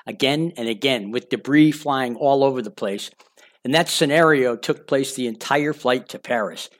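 An older man reading his own memoir aloud, candid and conversational, speaking straight to the listener. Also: mid-range voice. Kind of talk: audiobook memoir narration.

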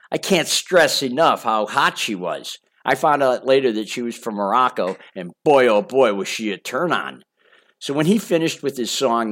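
A man's voice: mid-range voice, fairly bright tone. An older man reading his memoir aloud in a casual, boastful storytelling manner with chatty asides. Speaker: memoir narrator.

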